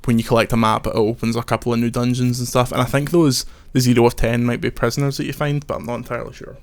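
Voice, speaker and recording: A man's voice: medium pitch, little pitch movement, fast. A young man with a wry, joking manner, chatting casually while playing a video game. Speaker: games video host, playing. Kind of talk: casual let's-play chat.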